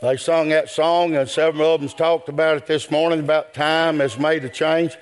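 An older man, preaching a sermon in a rhythmic style that builds to shouts. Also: fairly high pitch, little pitch movement, moderate pace, clean tone.

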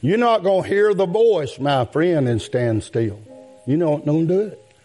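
Preacher guy, slow and mellow, keeps saying my friend, yes sir. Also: a little high, lively intonation, soft background music. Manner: drawn-out, preachy cadence with rising outbursts. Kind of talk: sermon.

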